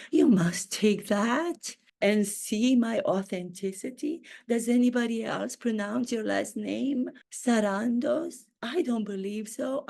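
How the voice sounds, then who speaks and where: A woman putting on a vain, self-pitying duchess in a satirical impression, speaking slowly and theatrically. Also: a little high, creaky, a little mellow. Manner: slow, grandiose, theatrical delivery with drawn-out words. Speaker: acting coach.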